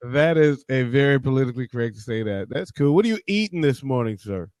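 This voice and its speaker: A man's voice: mid-range voice, animated, fast talker, a little mellow, no room sound. A man from Detroit hosting a casual morning livestream, joking loosely, cursing freely and greeting viewers by name. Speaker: livestream host.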